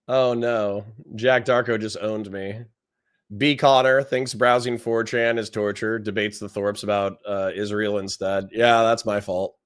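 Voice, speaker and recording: A man's voice: on the low side, steady tone, slow, fairly bright tone, clear, resonant tone. Blunt, profane young streamer guy. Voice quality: profane, blunt, repeats phrases for effect. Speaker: streamer reading chat. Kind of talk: casual livestream commentary.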